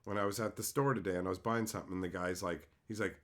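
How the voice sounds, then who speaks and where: A man's voice: low-pitched, fairly even intonation, fast talker, hardly any pauses. A man hosting a casual livestream, rambling and joking while he reads out viewer chat. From Canada. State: tired after dental work. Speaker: livestream host. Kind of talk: casual live-stream chat.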